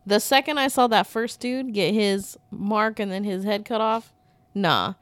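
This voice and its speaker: A woman's voice: mid-range voice, measured pace, dry recording. A woman co-hosting a casual talk show who chimes in with blunt, profane, joking asides. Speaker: podcast co-host. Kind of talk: casual chat.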